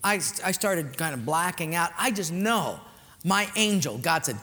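A man's voice: high voice, very animated, slow pace, pauses often, sharp tone, faint music behind. A man preaching a sermon as a pastor, telling a story animatedly and acting out the dialogue. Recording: reverberant hall, faint ambience.

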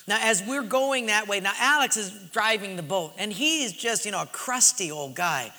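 A man preaching a sermon, telling a lively story and acting out shouts and laughter. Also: high voice, normal speed. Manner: animated, acts out shouts and laughs. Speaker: pastor. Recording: reverberant hall.

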